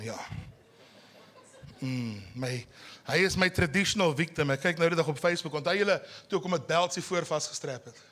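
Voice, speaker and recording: In a voice that's a little high, a South African pastor with an Afrikaans accent gives a church sermon full of animation and teasing. He slows his speech to drive points home.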